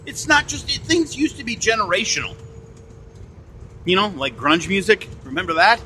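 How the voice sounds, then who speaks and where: A man's voice: sits high, sing-song, normal speed, pushed and bright, slight background noise. A man hosting a podcast, ranting bluntly and indignantly, swearing and repeating himself. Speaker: podcast host. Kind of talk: ranting opinion monologue. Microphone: phone.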